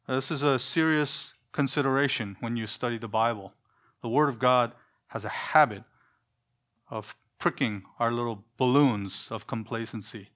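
A man's voice: mid-range voice, a bit bright. A man preaching a sermon in an earnest, emphatic way, full of rhetorical questions.

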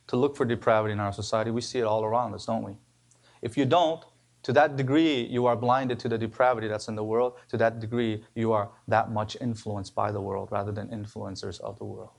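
A man preaching a sermon as pastor, emphatic, his voice rising on key words and dropping low at the ends of phrases. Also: a little fast, creaky, a little mellow. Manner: emphatic preaching with rises and sudden drops.

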